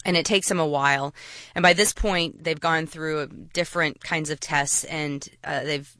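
A woman telling a personal story to an audience, halting, with frequent restarts. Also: low-pitched, steady tone, sharp tone, no echo.

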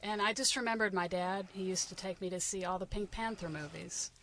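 A woman's voice: mid-range voice, a little fast, a bit bright. A woman in her forties telling a personal story as a radio show guest, with dry, wry humor.

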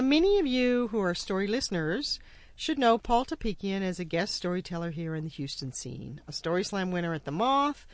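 Chatty woman radio host, lively pitch. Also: dry recording. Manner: upbeat, chatty, plugging donations. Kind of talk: community radio hosting.

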